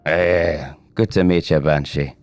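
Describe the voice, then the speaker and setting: A man voicing a brash, scrappy male Irish marine, cheeky and quick with fillers, in character at a tabletop game. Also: extremely low pitch, steady tone, darkish tone, soft background music.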